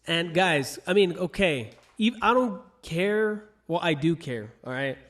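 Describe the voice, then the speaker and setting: A man's voice: fairly high pitch, expressive, measured pace, a bit bright. A young man co-hosting a casual podcast, earnestly urging listeners to think for themselves. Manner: earnest, addresses listeners directly. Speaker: podcast co-host.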